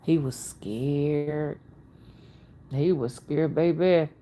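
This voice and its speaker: Slow, soothing woman hosting a livestream. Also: low-pitched. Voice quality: soothing, melodic soft voice. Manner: unhurried, talks to viewers by name, folksy asides. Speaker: spiritual reader and channel host. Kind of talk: casual livestream chat.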